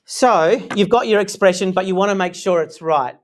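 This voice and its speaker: A man's voice: high voice, moderate pace. A man teaching a live maths lesson in a classroom, talking in a casual, joking way.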